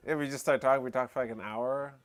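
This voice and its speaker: A man hosting a live talk stream, telling a story in a relaxed, rambling way full of fillers. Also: mid-range voice, quick pace. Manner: relaxed, rambling, lots of fillers like "you know" and "eh". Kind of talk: casual storytelling chat.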